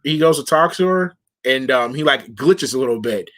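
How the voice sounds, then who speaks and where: Man, podcast co-host, casual recap, slangy, animated, middle pitch. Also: normal speed. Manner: animated, slangy, laughs often, acts out characters' lines. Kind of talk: casual chat recapping a show.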